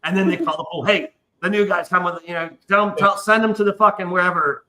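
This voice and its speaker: A man tells a long story on a live stream in a loose, profane way, acting out other people's lines. His voice is very bright and forceful and sits a little high. The sound carries a roomy echo. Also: fairly even intonation, quick pace. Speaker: podcast host. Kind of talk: casual storytelling chat.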